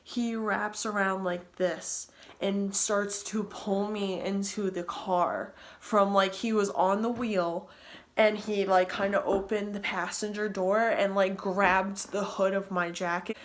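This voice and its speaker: A woman's voice: medium pitch, fairly even intonation, slow pace. A woman vlogger telling a personal story in a storytime vlog, in a breathless, rambling way, repeating herself and restarting sentences.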